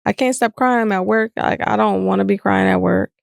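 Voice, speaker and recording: A woman's voice: mid-range voice, fairly quick, vocal fry, no room sound. Woman, podcast co-host, casual chat, candid, reflective, dry studio sound. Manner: candid, reflective, animated when retelling.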